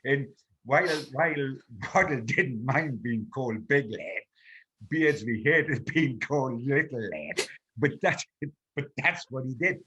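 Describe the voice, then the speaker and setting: A man's voice: medium pitch, lively intonation, unhurried, bright, forceful tone, lo-fi sound, a little hiss or hum. An older man from North East England, a veteran football journalist telling anecdotes in an interview and chuckling through his stories. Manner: chuckling storyteller, quotes people in his tales.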